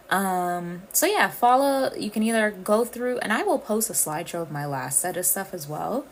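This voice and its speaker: A woman from the Caribbean hosts a casual livestream, talking straight to her viewers and calling them y'all. Her voice sits at an ordinary pitch with a gravelly, fry-laden edge. A faint hiss of room ambience runs underneath. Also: expressive, moderate pace, hardly any pauses, poor audio. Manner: chatty, addresses viewers as y'all. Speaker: livestream host.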